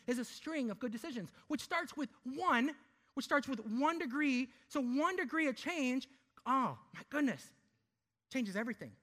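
A man preaching a sermon, emphatic, asking rhetorical questions and slowing down to stress key words. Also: extremely high pitch, a bit bright. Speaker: pastor.

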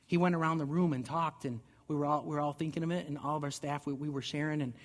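A man's voice: a little high, steady tone, fast, long reverb tail. A man giving a sermon as pastor, conversational and earnest, often restarting his words. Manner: conversational preaching with repeated restarts.

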